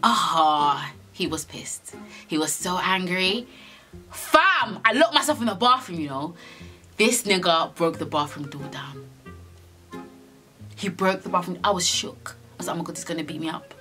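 Animated young British woman telling stories. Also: on the low side, a little slow, soft background music. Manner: animated, slangy, swears a lot, acts out scenes. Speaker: storyteller vlogger. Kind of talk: casual storytime chat.

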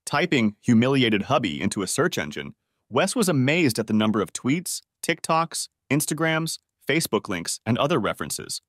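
A man reads a revenge audiobook aloud with an expressive, lively delivery. His pitch sits in the middle but moves a lot, and the recording is dry and close with no room sound. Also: moderate pace, no room sound. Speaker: narrator. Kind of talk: scripted audiobook narration.

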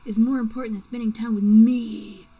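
A woman's voice: on the high side, fairly even intonation, fairly quick, dark tone, slightly rough, rough recording. A woman reading aloud the love letters of a possessive young man, with mock drama.

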